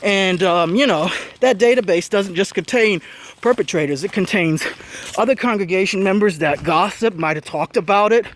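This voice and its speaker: A man's voice: sits high, normal speed, fairly bright tone, slight background noise. A man out of breath, filming himself outdoors on the street and taunting the people he confronts. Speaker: street vlogger. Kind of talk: filming himself, live commentary.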